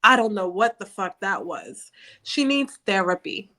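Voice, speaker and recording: A woman's voice: mid-range voice, measured pace. Blunt New woman on a podcast. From New York. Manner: blunt, profane, animated. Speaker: podcast cohost. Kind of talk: casual chat.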